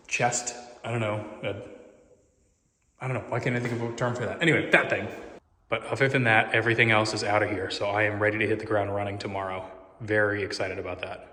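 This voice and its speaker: A man vlogging casually, rambling with lots of fillers about clearing out his home and cooking. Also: lowish voice. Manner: rambling, chatty, full of fillers; excited whoops while cooking. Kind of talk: casual vlog chat. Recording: long hall reverb.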